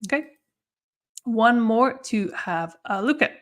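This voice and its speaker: A woman's voice: a little high, expressive, takes it slowly. A woman teaching English grammar in a live online lesson, explaining patiently and often checking in with "okay?" and "no?".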